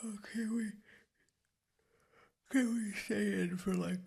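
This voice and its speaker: A woman's voice: low voice, lively intonation, unhurried, gravelly, darkish tone, husky, exaggerated voice. A woman in whispered role-play as a young adult girlfriend, talking in a hesitant, rambling way with lots of restarts. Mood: sleepy, tender.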